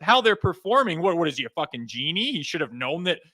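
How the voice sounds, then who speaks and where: Heated male podcast co-host, bright forceful tone, dry close sound, ranting and swearing. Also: fairly high pitch, very animated, fast, dry recording. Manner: fired-up ranting, swears freely. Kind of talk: heated hockey talk.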